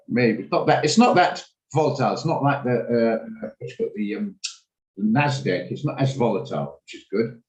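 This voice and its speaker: A man's voice: medium pitch, animated, normal speed, roomy sound, lo-fi sound. A man hosting a live trading session, chatting and thinking aloud as he works through charts. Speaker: trading room host. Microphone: video call.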